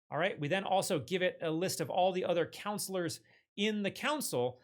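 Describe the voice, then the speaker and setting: Man, slightly high voice, casual tutorial walkthrough, lots of ums, restarts mid-word. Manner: loose, filler-heavy, frequent self-corrections. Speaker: tech tutorial presenter. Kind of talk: casual screen-share walkthrough.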